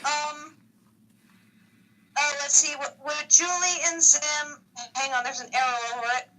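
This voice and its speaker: A woman's voice: high voice, measured pace, sharp tone, far from the mic, poor audio. A woman co-hosting a casual chat, playful, reading out a listener question. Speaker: co-host.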